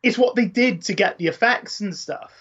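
Husky high-voiced man, lo-fi sound. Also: moderate pace, fairly bright tone. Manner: chatty, trivia-minded, ends points with tag questions. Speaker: podcast co-host. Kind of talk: casual film chat.

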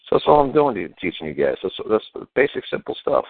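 A man's voice: medium pitch, very animated, fast talker, creaky, few pauses, dry recording. An older man hosting a radio show, talking in a plain, blunt, repetitive, folksy way over a tinny phone-line sound. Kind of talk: casual talk radio chat.

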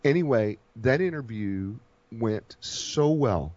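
A man's voice: medium pitch, animated, slow pace, darkish tone, no echo, lo-fi sound. A man co-hosting a radio show in casual chat, rambling and effusive, often stumbling and repeating his words. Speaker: radio co-host.

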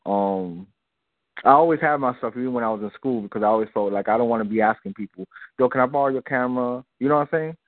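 A man's voice: medium pitch, animated, fast talker, dry recording. Talkative man on a tinny phone line. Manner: loose and talkative, repeats himself, laughs often. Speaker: guest filmmaker. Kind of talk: casual interview on a call-in radio show.

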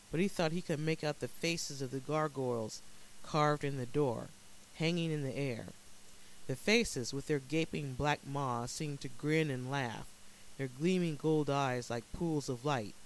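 Higher-voiced man narrating a dark story. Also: rough recording. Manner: dramatic, measured storytelling.

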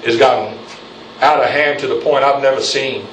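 A man's voice: mid-range voice, steady tone, normal speed, far from the mic, noisy background. Fiery preacher man in echoey church. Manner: preaching with rising intensity, calls for amen. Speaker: pastor. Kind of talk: fiery sermon. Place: church sanctuary. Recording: echoey church, mic from afar.

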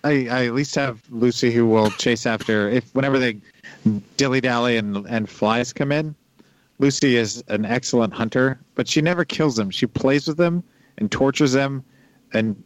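A man hosting a podcast, talking in an animated, joking way. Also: mid-range voice, no echo, rough recording. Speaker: podcast host. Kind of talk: casual podcast chat.

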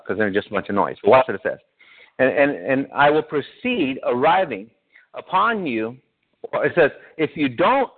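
A male pastor, preaching to his congregation in a conversational way and throwing questions at them. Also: on the high side. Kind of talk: sermon. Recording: tinny phone-like sound.

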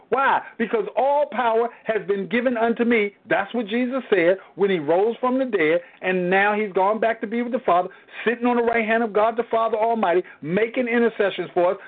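A man teaching a church Bible study, preaching emphatically with repetition and rhetorical questions. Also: high voice. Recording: tinny phone-like sound.

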